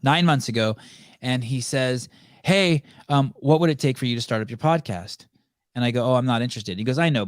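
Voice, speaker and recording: Profane storytelling podcast host, dry sound. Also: male voice, mid-range voice, no room sound. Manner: profane, acts out quoted dialogue. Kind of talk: casual storytelling chat.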